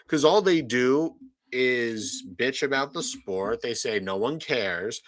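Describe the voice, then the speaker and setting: A man's voice: medium pitch, a little slow, a bit bright, no room sound. A man co-hosting a sports podcast, ranting sarcastically in casual chat. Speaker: podcast co-host.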